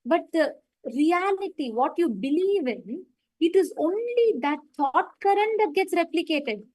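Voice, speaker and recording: A woman's voice: extremely high pitch, expressive, measured pace, a little mellow, no echo, poor audio. A woman facilitating a live online meditation session, retelling a story and stressing her points.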